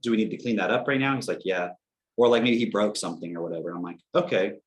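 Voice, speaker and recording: Low-voiced man telling stories on a podcast. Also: fast. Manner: animated storytelling, acts out quotes, swears casually. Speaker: podcast co-host. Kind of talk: casual podcast conversation.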